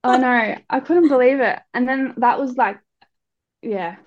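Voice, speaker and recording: A woman's voice: sits high, a little slow. A young adult woman frankly telling a personal story as an interview guest, often restarting her sentences. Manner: candid and frank, with frequent restarts. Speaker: guest speaker. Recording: dull lo-fi recording.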